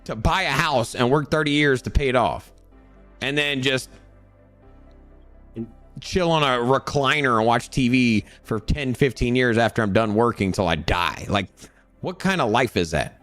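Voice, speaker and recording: A man hosting a crypto show, ranting in a casual motivational way, animated and full of repeated words, acting out other people's voices. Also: medium pitch, normal speed, faint music behind. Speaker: crypto channel host.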